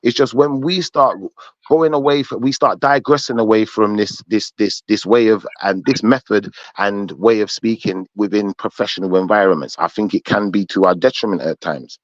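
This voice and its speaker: A man's voice: fairly low pitch, normal speed, no room sound, muffled recording. A man hosting a live podcast panel who argues hard, cuts in and keeps pressing his point. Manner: argumentative, insistent, cuts in. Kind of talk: heated live panel debate.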